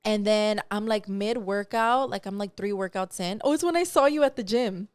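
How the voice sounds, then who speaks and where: A woman co-hosting a podcast in casual chat, telling an animated, profane story full of acted-out quotes into a close mic. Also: medium pitch, moderate pace, clean tone, dry recording. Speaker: podcast co-host.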